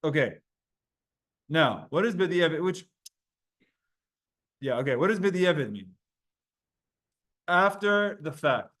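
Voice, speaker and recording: Man, Talmud teacher, rather high voice, upbeat and brisk, video-call class. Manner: energetic, quick, asks the class questions.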